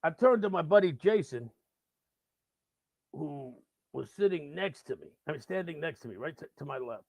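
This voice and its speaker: A man, a radio host, telling a rock-and-roll story casually and acting out the people in it loudly. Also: on the high side, normal speed, gravelly, no echo. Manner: animated, acts out quoted voices loudly. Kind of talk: casual live-stream storytelling.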